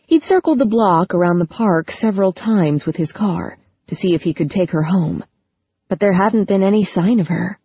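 A woman narrates a novel in a steady, measured way. Her voice is lowish, mellow and husky. The recording is dry and a little dull. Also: dry recording. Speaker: audiobook narrator. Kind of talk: scripted narration.

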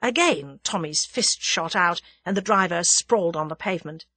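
A woman narrating a story in an expressive audiobook reading. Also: lowish voice, moderate pace, slightly rough, no room sound. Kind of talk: scripted narration.

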